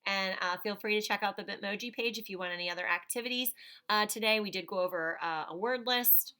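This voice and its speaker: A woman's voice: mid-range voice, fairly quick, pushed and bright, clear, resonant tone. A woman teacher giving a phonics lesson to young children, patiently sounding out words.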